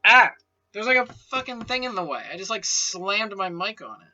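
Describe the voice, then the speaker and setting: A man's voice: high-pitched, expressive, normal speed, muffled recording, noisy background. A young man rambling casually and swearing as he unboxes and sets up a microphone at home. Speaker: video creator. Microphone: desk microphone being set up.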